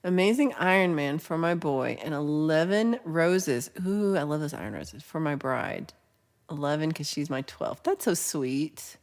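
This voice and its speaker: A woman's voice: low voice, animated, measured pace. A woman hosting a casual livestream, chatting, teasing and laughing as she reads viewer comments. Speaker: livestream host.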